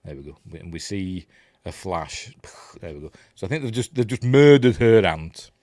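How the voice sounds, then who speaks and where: A man's voice: low-pitched, lively intonation, moderate pace, a little mellow, no room sound. A Yorkshire man giving a casual, rambling scene-by-scene commentary on a film, often correcting himself and chuckling. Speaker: film reviewer.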